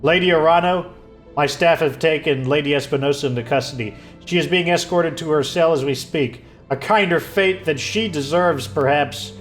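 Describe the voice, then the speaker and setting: A man reading aloud the formal, measured lines of an honorable, grieving older nobleman from a video game. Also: a little high, a bit bright, faint music behind, close to an everyday voice.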